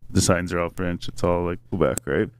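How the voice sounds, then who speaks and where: A man's voice: sits low, steady tone, a little fast, clean tone, no room sound. A man telling a long story in casual chat, rambling and profane with many fillers. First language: English.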